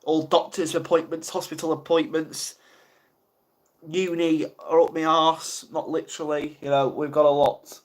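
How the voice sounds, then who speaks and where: A man's voice: a little high, little pitch movement, normal speed. A young man from the UK chatting casually on a live stream, flustered and rambling, mocking himself as he goes. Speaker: ASMR livestreamer.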